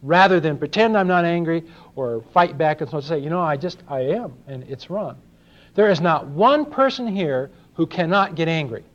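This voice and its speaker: Older preacher from LA, slightly high voice, chatty and questioning, lo-fi tape. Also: male voice, lively intonation, normal speed, a bit bright. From Los Angeles. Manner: conversational, asks the congregation questions, acts out little dialogues. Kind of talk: sermon. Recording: dull lo-fi sermon recording.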